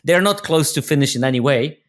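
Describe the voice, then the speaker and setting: A man's voice: a little high, animated, a little fast. A man from Poland with a Polish accent, a guest in a casual podcast chat, who talks freely and repeats words while he thinks. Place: lives in Cornwall, England.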